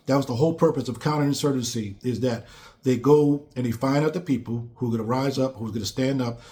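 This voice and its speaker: A man's voice: medium pitch, warm tone. A man giving a blunt, emphatic casual monologue on politics, repeating phrases for stress. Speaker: commentator.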